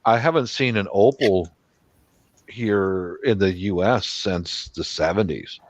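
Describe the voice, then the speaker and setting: A man's voice: sits low, takes it slowly, no room sound, dull audio. A man chatting casually on a family live stream, easygoing and teasing, speaking through a webcam mic at home. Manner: easygoing, teasing, rambling about cars. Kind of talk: casual chat.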